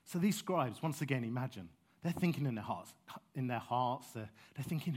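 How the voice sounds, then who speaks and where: A man's voice: mid-range voice, animated, normal speed, darkish tone. A man preaching a sermon in a passionate, conversational way, with frank asides to his listeners.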